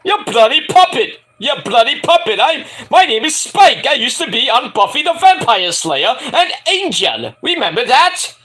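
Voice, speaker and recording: A man putting on a brash mock-British voice, sneering and shouting insults. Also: extremely high pitch, very animated, normal speed, few pauses, voice pushed up, heavily acted. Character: brash mocking British man, loud taunting.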